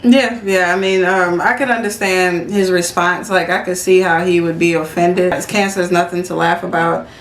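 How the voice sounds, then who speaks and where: A woman's voice: fairly low pitch, fairly even intonation, normal speed, few pauses. A woman co-hosting a podcast in casual chat, telling stories full of fillers and retold quotes. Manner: chatty storyteller, many fillers and retold quotes. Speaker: podcast co-host. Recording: roomy echo.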